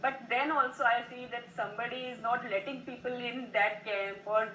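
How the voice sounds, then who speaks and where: A woman's voice: on the high side, steady tone, normal speed, a bit bright, far from the mic, a little hiss or hum. Hesitant woman asking from afar, echoey. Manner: hesitant, many fillers while forming the question. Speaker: student asking a question. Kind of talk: question in a class discussion.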